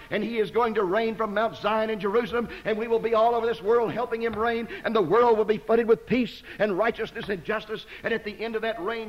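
A fervent preacher with a high, light male voice, delivering an evangelistic sermon to a church congregation. He swings from ringing shouts of praise to hushed, drawn-out lines. The recording is dull and lo-fi, like an old sermon tape. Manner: fervent, swings from loud exclamations to hushed, slow emphasis.

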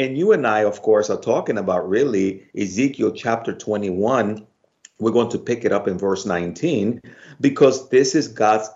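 A man's voice: medium pitch, highs cut off. A man with a Bronx Spanish accent hosting a Bible study program, chatting casually with many fillers. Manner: warm, laughs easily, many "uh" fillers.

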